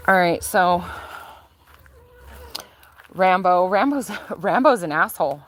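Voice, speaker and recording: Chatty low-voiced woman touring her garden. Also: slow, pauses often, noisy background. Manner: chatty and relaxed, with frequent fillers. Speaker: gardener showing her property. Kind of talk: casual live-stream chat. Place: outdoors in a backyard garden.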